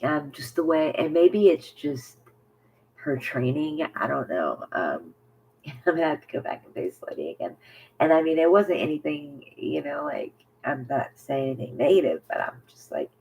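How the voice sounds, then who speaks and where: A woman's voice: low-pitched, sing-song, normal speed, vocal fry, darkish tone, slight background noise, poor audio. A woman talking candidly to camera in a casual personal vlog, rambling with many fillers. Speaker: vlogger.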